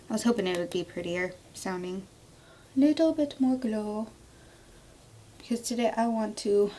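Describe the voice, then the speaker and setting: This woman in her thirties, a beauty vlogger, talks her way through a makeup tutorial inside her home, joking around and making up goofy words while she works. She speaks at medium pitch with a fairly bright tone, and there's slight hiss or hum.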